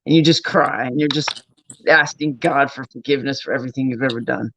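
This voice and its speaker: A man's voice: medium pitch, a little fast, creaky, fairly bright tone. A man chatting casually on a livestream, telling long rambling stories and swearing freely. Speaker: streamer. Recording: dull lo-fi dry sound.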